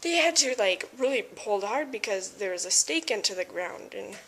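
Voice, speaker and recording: A woman's voice: medium pitch, lively intonation, normal speed, a bit bright, slight background noise. A young woman vlogging at home, chatting to camera, ranting and laughing about an embarrassing day. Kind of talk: casual chat to camera. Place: at home indoors.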